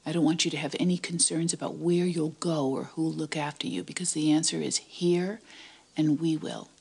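Casting: kind aristocratic lady of the house, period drama, soft flat reassurance. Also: sits low, normal speed, creaky, slightly rough, heavily acted. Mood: reassuring. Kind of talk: period television drama acting.

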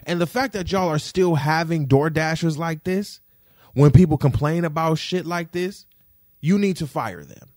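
A young man venting to the camera in a vlog, indignant and profane, repeating himself and swinging between low grumbles and sharp high outbursts. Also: normal speed, no echo, studio quality. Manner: indignant, profane, repetitive rant with big pitch swings.

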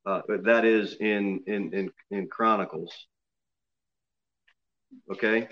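A man's voice: on the low side, steady tone, slow pace, fairly bright tone, highs cut off. A male pastor preaching a sermon to his church, joking and self-deprecating, often repeating himself. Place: church sanctuary.

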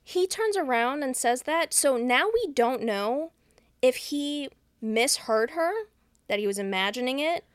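A woman hosting a podcast, retelling a movie's plot in casual, profane, deadpan chat. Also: high-pitched, a little slow. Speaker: podcast host.

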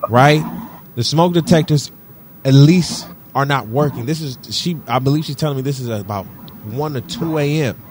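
A man from Detroit, co-hosting a podcast, telling a story in an animated, profane way and repeating himself for emphasis. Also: mid-range voice, moderate pace, slight background noise. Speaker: podcast co-host. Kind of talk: casual chat.

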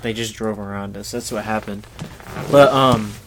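A man's voice: fairly low pitch, normal speed, crowd noise. A young man recalling golf stories with friends in casual podcast chat, laughing along. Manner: lively, laughing recollection. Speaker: podcast co-host.

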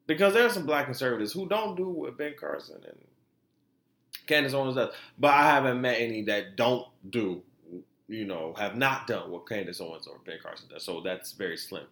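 A man hosting a podcast, giving animated, profane commentary and laughing often. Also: mid-range voice, normal speed, echoey room. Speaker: podcast host. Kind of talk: casual commentary.

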